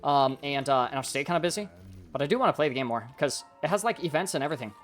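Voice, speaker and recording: A somewhat high-voiced man coaches a player through recorded gameplay, talking things through out loud in a rambling, excitable way. Faint music plays underneath his voice. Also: racing. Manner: excitable, rambling, thinks aloud. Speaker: game coach reviewing gameplay. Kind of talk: casual live-stream coaching commentary.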